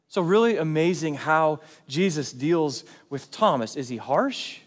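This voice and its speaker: Pastor guy preaching, chatty and animated, fairly high voice, long hall reverb. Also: unhurried, hardly any pauses. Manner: conversational and animated, acting out quotes. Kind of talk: sermon.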